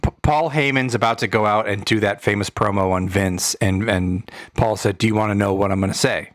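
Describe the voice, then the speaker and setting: A man's voice: fairly low pitch, fairly quick, no echo, studio quality. A man co-hosting a casual wrestling podcast, chatty and profane. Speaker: podcast co-host.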